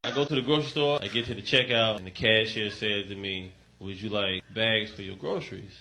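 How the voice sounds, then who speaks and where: A man doing a stand-up set with loud, punchy delivery. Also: fairly low pitch, fairly even intonation, a little fast, very noisy. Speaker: stand-up comedian.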